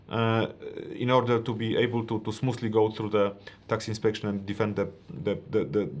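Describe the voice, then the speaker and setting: A man with a Polish accent addresses a webinar audience in formal business English. He speaks in a measured way, pausing on uh fillers, at a middle pitch. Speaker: senior tax partner co-hosting a webinar. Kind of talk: webinar presentation.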